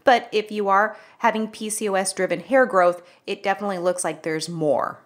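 A middle-aged woman co-hosting a health podcast, explaining things in a casual, conversational way that turns animated when she tells a story. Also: mid-range voice, fairly quick. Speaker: podcast co-host, health practitioner.

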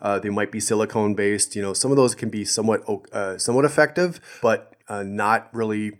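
A male podcast co-host with a low, congested voice from a head cold. He talks casually and hesitates often, filling pauses as he explains. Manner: hesitant, many "uh" fillers. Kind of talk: casual health podcast talk.

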